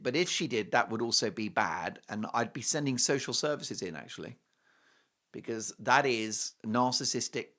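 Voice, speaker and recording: Male host, sarcastic commentary, lively swinging pitch, bright forceful tone. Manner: scornful, sarcastic, emphatic. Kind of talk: opinionated commentary monologue.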